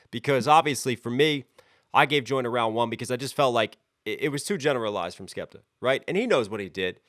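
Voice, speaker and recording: Energetic man breaking down rap lyrics. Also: medium pitch, no room sound, clean studio sound. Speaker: reaction channel host. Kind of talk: music reaction commentary.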